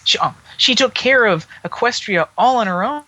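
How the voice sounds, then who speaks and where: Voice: mid-range voice, lively intonation, normal speed, sharp tone, dry recording, poor audio. A speaker reading a young male dragon from a comic aloud, stumbling now and then. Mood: doubtful. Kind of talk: casual comic read-along.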